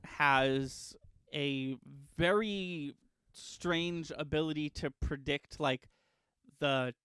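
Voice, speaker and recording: A man's voice: on the high side, drawn-out words, fairly bright tone, clean tone, no echo. A young man co-hosting a casual podcast chat, rambling and hesitant with many fillers and laughs. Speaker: podcast co-host.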